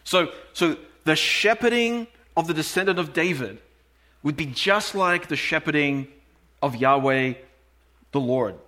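A man preaching a sermon, reading scripture aloud in a measured, emphatic way and slowing down on key phrases. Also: a little high, animated, bright, forceful tone.

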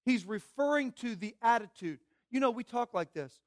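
A man's voice: extremely high pitch, lively intonation, moderate pace. A man preaching a Sunday morning sermon as pastor, emphatic, repeating phrases and asking the congregation questions.

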